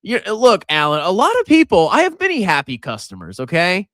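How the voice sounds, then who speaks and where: A man's voice: sits high, huge pitch swings, brisk, fairly bright tone, no echo, clean studio sound. A middle-aged man hosting a casual livestream, joking and sarcastic, with theatrical swings in his voice. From Virginia coast, USA. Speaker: livestream host.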